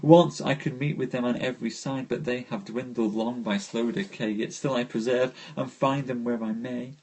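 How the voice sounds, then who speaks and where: A man hosting a live poetry stream, reciting verse slowly and dreamily, then chatting with viewers between poems. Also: medium pitch, fairly even intonation, darkish tone. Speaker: host reading poetry aloud.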